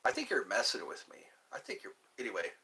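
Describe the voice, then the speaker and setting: A man hosting a live stream alone, musing slowly and meandering while he answers viewer chat. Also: on the low side, huge pitch swings, sharp tone. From United States.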